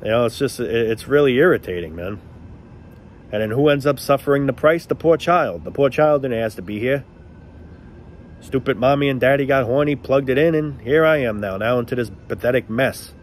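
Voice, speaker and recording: A man's voice: medium pitch, animated, fairly quick, slight background noise. A man ranting casually to the camera in a blunt, profane, sarcastic way.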